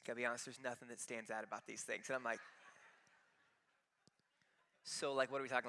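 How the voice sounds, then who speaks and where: A man in his thirties, a pastor, preaching a casual, conversational sermon with chatty storytelling and animated asides in a slightly echoey church. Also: mid-range voice, a little fast, smooth. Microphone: handheld or stand mic.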